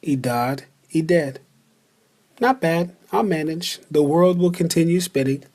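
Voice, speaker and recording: With a fairly high pitch and a darkish tone, a man walks beginners through a language lesson set to a slideshow. He speaks slowly and deliberately, saying words again so listeners can practise.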